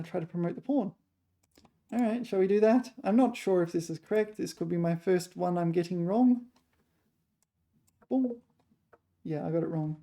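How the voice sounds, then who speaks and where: A woman chess player thinking aloud while solving puzzles, muttering her move calculations in short fragments, a little hoarse. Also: on the low side, warm tone.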